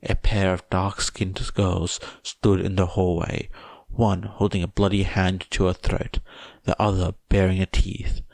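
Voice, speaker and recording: A man reading fan fiction aloud as a podfic narrator, in a measured, even way. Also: sits low, creaky, no echo. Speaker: podfic reader.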